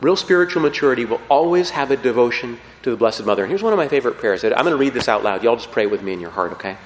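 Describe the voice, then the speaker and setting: Animated preacher man in an echoing hall. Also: mid-range voice, rapid-fire, slight background noise. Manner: animated, emphatic, frequent "okay?" check-ins. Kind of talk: sermon. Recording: roomy hall with long reverb.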